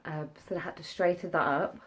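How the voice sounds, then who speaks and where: A young woman talks through her recovery in a chatty, candid way. Her voice sits a little low and sounds stuffed up, and she breaks off now and then to catch her breath. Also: steady tone, brisk, slightly rough. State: stuffy nose, short of breath. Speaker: vlogger. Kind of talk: casual vlog recovery update.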